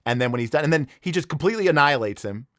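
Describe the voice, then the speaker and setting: A man's voice: a little high, expressive, racing, a bit bright, dry recording, clean studio sound. Rambling enthusiastic man on a livestream. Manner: rambling, enthusiastic storytelling with many fillers. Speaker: livestream host. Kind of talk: casual livestream chat.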